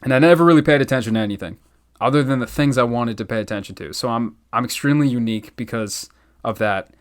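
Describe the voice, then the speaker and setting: A man's voice: medium pitch, fast. A young man from Massachusetts, a rapper guesting on a podcast, talking in a loose, slangy, rambling way full of fillers. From Natick, Massachusetts, US. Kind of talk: casual chat.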